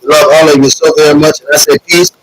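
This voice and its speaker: Emotional man addressing viewers, higher voice. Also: level tone, racing, slightly rough, no room sound, low-quality recording. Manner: earnest, repetitive, preacher-like cadence with many fillers. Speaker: host of a streaming show. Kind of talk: live-stream address to viewers, reading comments.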